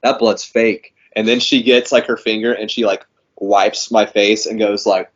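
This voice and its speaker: Here a wrestling guest chats casually in an interview, his voice lowish and level, moving at an ordinary pace. Filler words pepper his relaxed, meandering anecdotes, and he laughs a lot. The audio sounds muffled and lo-fi.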